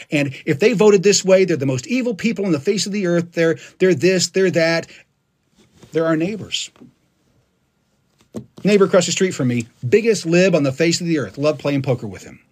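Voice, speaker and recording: Husky, animated man ranting passionately. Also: on the high side. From United States. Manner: emphatic, passionate ranting with many restarts. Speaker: political livestream host. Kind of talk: ranting monologue on a live stream.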